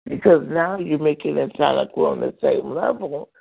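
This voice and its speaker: A woman in her forties chatting casually as a podcast co-host, animated and acting out quoted voices. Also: moderate pace, vocal fry, husky. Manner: animated, acts out quoted voices with big pitch jumps. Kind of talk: casual chat, storytelling. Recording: tinny phone-like sound.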